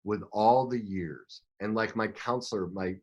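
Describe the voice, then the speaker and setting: A middle-aged man, a coach and podcast guest, telling his own story in an emotional, animated way, with frequent restarts. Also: on the low side, unhurried, lo-fi sound. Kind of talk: storytelling interview talk.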